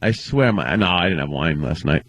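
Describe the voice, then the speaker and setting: Sick new york guy on the radio, husky and stuffy, trails off a lot. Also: deep voice, animated, fairly bright tone. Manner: halting, trailing off, complaining. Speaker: radio show co-host. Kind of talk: casual radio banter.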